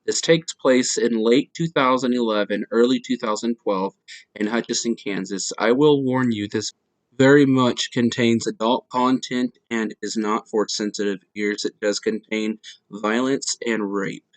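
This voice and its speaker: A man's voice: medium pitch, steady tone, a little slow, dry recording, rough recording. A man hosting a podcast, plainly reading true-story accounts in the first person.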